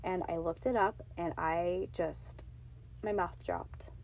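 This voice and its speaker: Her voice is fairly low and a little mellow, and she takes her time. A woman in her thirties hosting her own podcast from a home closet, she tells her faith testimony earnestly and emotionally, as if confiding, through a podcast mic on a box, with a little hiss or hum.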